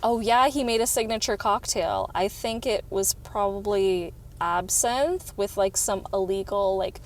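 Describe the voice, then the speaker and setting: A woman's voice: mid-range voice, unhurried. A young woman co-hosting a casual movie review chat in a car, chatty and giggly, with lots of "like". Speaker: co-host of a movie review show. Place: inside a car. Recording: car noise, loud road hum.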